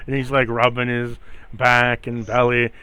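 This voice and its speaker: A man narrating a tabletop game as game master, in a relaxed, halting way. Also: medium pitch, clean tone.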